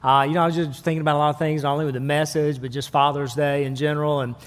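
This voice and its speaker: A male pastor preaching a casual, halting sermon with frequent restarts, asking the congregation for amens. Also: on the high side, level tone. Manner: conversational, many restarts, calls for amens. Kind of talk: sermon with humor and prayer. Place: church sanctuary. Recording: long church hall reverb.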